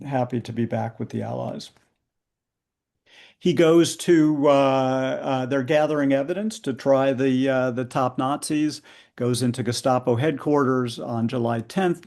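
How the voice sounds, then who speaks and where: A man, an author, narrating history over slides on a video call, with many pauses and fillers. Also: mid-range voice, darkish tone. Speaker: book author. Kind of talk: book talk presenting slides.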